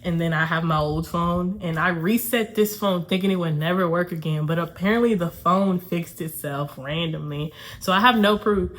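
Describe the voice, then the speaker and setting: A woman's voice: lowish voice, moderate pace, few pauses. Chatty young woman telling a story. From Atlanta, USA. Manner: chatty, laughs easily, nervous laughter. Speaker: YouTuber. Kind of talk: casual storytime vlog.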